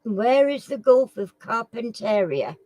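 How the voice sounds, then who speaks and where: A woman's voice: a little high, sing-song, measured pace, dark tone, no echo, rough recording. A woman hosts a casual live quiz. She reads questions aloud, stumbles over words, and chats with viewers by name. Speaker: live stream quiz host.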